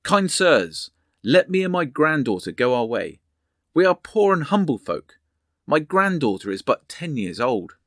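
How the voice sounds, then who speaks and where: A terrified elderly grandfather begging for mercy, as a man puts him on. His voice rises high and loud with fear, in a dry, close recording. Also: big pitch swings, measured pace, no echo. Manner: begging, fearful.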